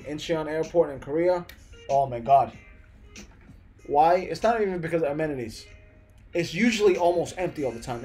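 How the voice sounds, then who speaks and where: Talking in a fairly high, slightly mellow voice, this Philippines-born, US-raised young man answers viewers casually on his live stream. He has an American accent, drops "bro" and "man" constantly and often starts over mid-sentence.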